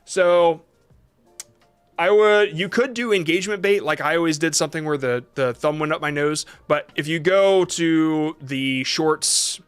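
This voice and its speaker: A man's voice: fairly high pitch, measured pace, clear, resonant tone. Man hosting a livestream Q&A over faint music. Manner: reads chat questions aloud and answers off the cuff, many fillers and restarts. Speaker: livestream host reviewing shorts. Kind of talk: casual livestream Q&A.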